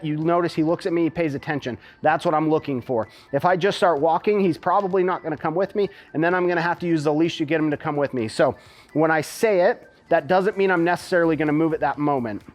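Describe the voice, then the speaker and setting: A man teaching dog heel work, explaining calmly while he walks a dog. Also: on the high side. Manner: calm, explanatory, talks while walking a dog. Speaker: dog trainer. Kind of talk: instructional demonstration.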